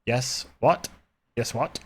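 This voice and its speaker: A man streams gameplay live from his room, talking slowly in a mid-range voice as he rambles and chats with his audience.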